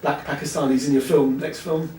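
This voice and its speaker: A man's voice: fairly high pitch, level tone, fairly quick, mellow, a little hiss or hum. A man hosting a casual chat, jokey and teasing his guests. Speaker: podcast host. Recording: echoey room from a distance.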